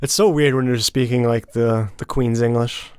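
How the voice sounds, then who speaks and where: A man's voice: mid-range voice, steady tone, normal speed, smooth, no echo. Laid-back young man, podcast co-host. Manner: laid-back and rambling, swears freely, lots of "like" and "um". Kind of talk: casual chat.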